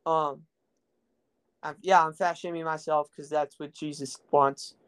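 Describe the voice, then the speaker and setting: This young man from Texas's Rio Grande Valley, whose voice sits a touch above the typical male range, tells a crude story on his casual podcast. His delivery is flat and measured, a bit bright, clear and resonant, while he wanders, uses lots of fillers and asides, and makes fun of himself.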